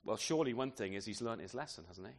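A man's voice: fairly low pitch, animated, fast talker. A man preaching a sermon in a conversational way, often tagging his points with questions to the listeners. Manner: conversational, rhetorical tag questions.

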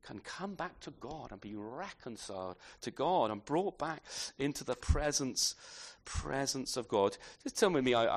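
A man's voice: high-pitched, fairly bright tone. Tag-questioning man preaching a sermon. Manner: conversational, asks tag questions; halting restarts, repeated words. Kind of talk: expository sermon.

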